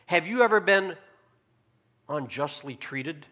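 A man preaching a sermon as pastor, asking the congregation questions and dropping to a hushed tone to make a point. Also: high voice, animated, unhurried. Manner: preaching with rhetorical questions and sudden drops to a hushed tone. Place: church sanctuary.

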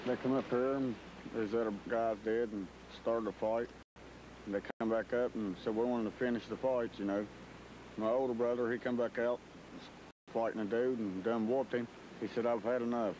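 A man's voice: mid-range voice, steady tone, normal speed, darkish tone. Matter-of-fact Appalachian man, noisy outdoors. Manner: plain-spoken, matter-of-fact. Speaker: interviewee. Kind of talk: plain first-person account.

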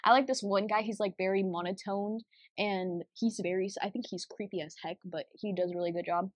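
A young woman in her twenties co-hosting a podcast, telling stories in an animated way with lots of fillers and restarts. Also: mid-range voice, fairly quick, dry recording. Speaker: podcast co-host. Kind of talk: casual chat.

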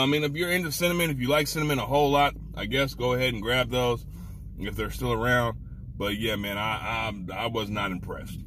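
A man's voice: medium pitch, a bit bright, slight background noise. A man hosting a casual snack review vlog, talking with slang and open emotion. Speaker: food reviewer host.

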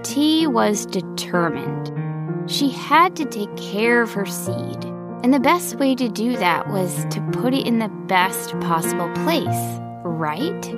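A woman telling a children's story in gentle, unhurried scripted narration. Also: a little high, lively intonation. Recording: soft background music.

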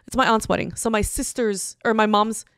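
A woman co-hosting a podcast, telling a story in animated casual chat and swearing often. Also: medium pitch, a little fast, clean tone, dry recording, studio quality. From San Jose, California. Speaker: podcast co-host.

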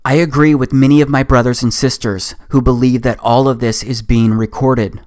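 A man's voice: medium pitch, flat delivery, moderate pace, darkish tone. A man giving a scripted documentary voice-over, speaking with earnest, preaching conviction. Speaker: documentary narrator.

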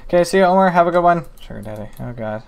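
A man's voice: a little high, lively intonation, very fast, gravelly, darkish tone. Exasperated man narrating his gameplay. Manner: talks to himself and the game, mock-exasperated exclamations. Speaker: gaming YouTuber. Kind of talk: live gameplay commentary.

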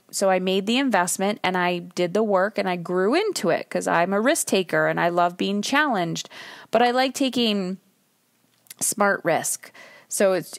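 A woman's voice: mid-range voice, dry recording. A woman in her thirties talks through a solo podcast episode while sitting in her car, and the sound is close and dry. She speaks candidly and with emphasis, swears now and then, and acts out little scenes as she makes her points. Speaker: podcast host.

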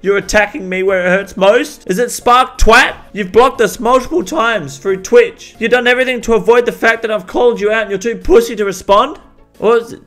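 A man's voice: very high-pitched, normal speed, soft background music, voice pushed up. A man voicing a brash, easily riled male market reporter who rants and swears a lot. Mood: accusing. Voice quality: profane, shouty rants. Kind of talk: comedic character bit.

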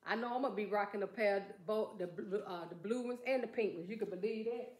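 A woman vlogger chatting excitedly about her shopping haul and calling out to her viewers as she goes. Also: mid-range voice, fast. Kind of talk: casual haul vlog chat. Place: room at home. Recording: echoey room.

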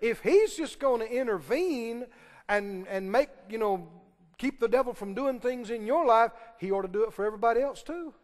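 A man's voice: very high-pitched, animated, moderate pace, in a large hall. A man preaching a sermon, emphatic and firing questions at the congregation. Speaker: pastor.

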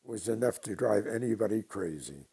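An older man from New York telling stories from his past slowly and with dry humor in an interview. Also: fairly low pitch, lively intonation, creaky, warm tone, husky. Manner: slow, deliberate anecdotes with dry humor. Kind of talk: storytelling interview.

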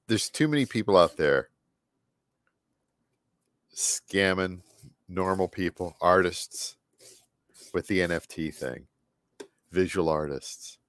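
A low-voiced man with a scratchy sound rambles casually as he paints on a live stream, frequently muttering to himself and trailing off partway through sentences. The studio-quality recording has no echo.

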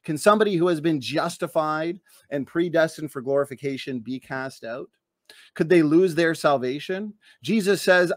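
A man's voice: on the high side, moderate pace, no echo, clean studio sound. A man giving a debate opening statement, emphatic and sarcastic, firing off rhetorical questions.

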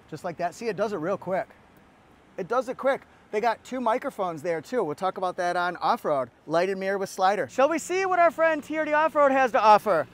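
A man giving a walkaround car review, upbeat and playful with jokey asides. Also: high voice.

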